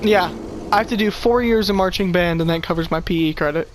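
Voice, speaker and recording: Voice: mid-range voice, fairly quick, a little hiss or hum. A teenager hosting a casual podcast chat, complaining and telling stories animatedly. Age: teens. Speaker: podcast host.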